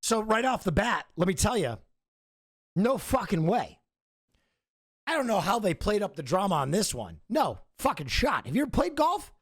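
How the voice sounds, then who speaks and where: A man's voice: sits high, very animated, moderate pace, dry recording, studio quality. A man streamer giving a profane, emphatic commentary rant in a conversational way.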